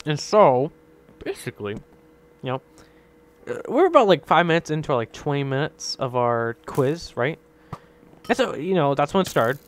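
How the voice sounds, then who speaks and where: Lively, rambling guy telling a story. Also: fairly high pitch, moderate pace, pauses often. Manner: animated, rambling, tags lines with "right?"; laughs often while telling the story. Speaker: gaming channel host. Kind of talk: casual storytelling over gameplay.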